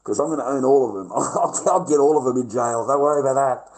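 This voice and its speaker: A man's voice: mid-range voice, quick pace, a little mellow, poor audio. A middle-aged man with an Australian accent, ranting brashly and combatively on a livestream and swearing constantly. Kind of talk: profane livestream rant.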